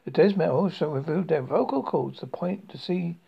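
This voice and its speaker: A reader voicing a detached, clinical man who studies captive humans, speaking matter-of-factly with halting restarts. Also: mid-range voice, gravelly, husky, highs cut off.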